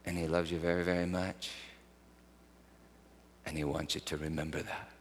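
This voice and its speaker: A man's voice: very deep voice, level tone, normal speed, long reverb tail, slight background noise. A man preaching a conversational sermon in an earnest, personal storytelling manner.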